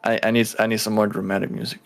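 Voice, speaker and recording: A man's voice: on the low side, flat delivery, very fast, creaky, clear, resonant tone. A man narrating a tabletop game as game master, who jokes, swears and teases his players. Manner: laughing, swearing, playful teasing.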